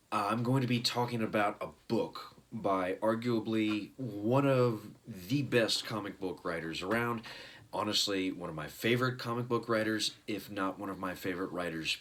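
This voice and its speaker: An American man hosting his own show about comic books, talking casually to camera in an excitable, rambling way and often tripping over words and correcting himself. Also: on the low side. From United States. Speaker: comic book reviewer, show host.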